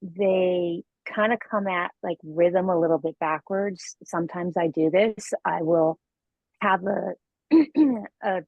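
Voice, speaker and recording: A woman on a video call asking a question hesitantly, with many pauses and ums. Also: lowish voice, no room sound, muffled recording. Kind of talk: casual group chat on a video call.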